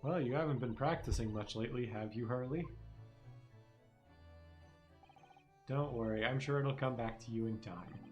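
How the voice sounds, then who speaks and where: A man's voice: medium pitch, a little fast, soft background music, natural voice. A streamer voicing a cheerful, curious young girl with a raised, chirpy delivery. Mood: reassuring.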